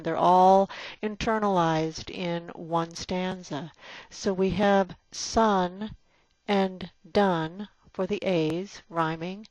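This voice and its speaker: A female teacher explains poetry in a recorded lecture, full of fillers and restarts, tapping out the rhythm aloud. Her voice is fairly low and a little mellow, and the lo-fi recording is dry and dull.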